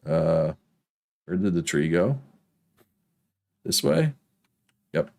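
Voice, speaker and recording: Gaming streamer, male, deep Prince Edward Island accent, loose rambling chat with laughs. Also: sing-song, very slow, gravelly, darkish tone. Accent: Prince Edward Island, Canadian East Coast. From Prince Edward Island, Canada. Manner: rambling, chatty, laughs often. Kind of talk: casual chat while playing a game.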